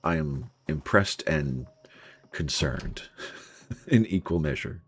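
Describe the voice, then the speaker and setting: A man's voice: very deep voice, animated, slow, breathy edge. A man streaming a game live, muttering through his looting and reacting to chat in casual commentary.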